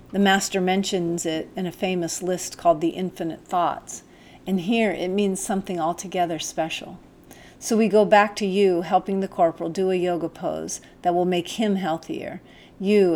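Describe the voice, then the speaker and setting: A woman narrating a first-person novel as an audiobook, in a calm, measured, gentle reading voice. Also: lowish voice.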